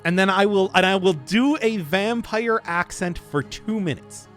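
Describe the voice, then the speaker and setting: A man's voice: high voice, measured pace, fairly bright tone, faint music behind. A young man streaming a game, rambling casually, laughing often and swearing. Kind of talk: casual live gameplay commentary.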